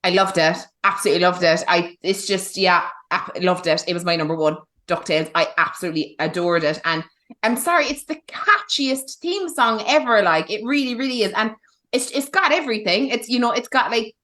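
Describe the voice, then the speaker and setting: A woman's voice: mid-range voice, lively intonation, brisk, a bit bright. A woman with a nasal voice, gushing enthusiastically as a podcast co-host.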